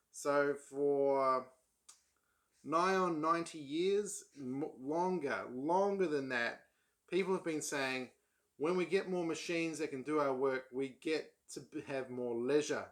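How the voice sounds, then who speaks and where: Old paperbacks are the topic as this man vlogs in a bit-bright, medium-pitched voice. He rambles casually, restarting sentences and filling gaps with ums.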